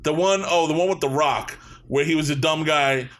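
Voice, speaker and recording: A man's voice: a little high, moderate pace, a bit bright. A man from Canada hosting a podcast, swearing freely and rambling through his opinions in casual chat. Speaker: podcast host.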